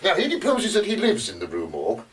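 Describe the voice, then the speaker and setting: An actor playing a male investigator who reports witness testimony in a live stage drama, often pausing with hesitations. He is recorded from a distance. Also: sits high, wildly swooping pitch. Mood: measured. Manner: halting, with frequent hesitations. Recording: distant mic.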